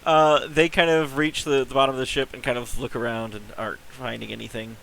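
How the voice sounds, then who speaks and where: A man's voice: medium pitch, flat delivery, brisk, gravelly, fairly bright tone, low-quality recording. A man at a tabletop game, acting as game master. He sets scenes plainly, rules on the dice and teases his players with a dry, wry edge. A faint hiss sits under his voice.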